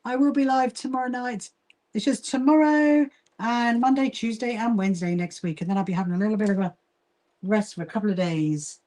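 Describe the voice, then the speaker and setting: A woman from Brighton, England, with a southern English accent, chatting casually on a livestream while she sews and greets viewers by name. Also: on the high side, fairly even intonation, a little fast. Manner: chatty, reads and greets viewer comments, frequent fillers and laughs. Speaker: livestream host, quilting association founder.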